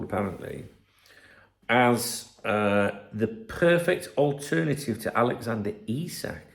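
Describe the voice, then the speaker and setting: A man's voice: on the low side, gravelly, echoey room. A man hosting a football channel, reading news aloud and mocking it in a sweary, sarcastic rant. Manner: mocking, sweary, reads articles aloud and rants. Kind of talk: sarcastic solo commentary.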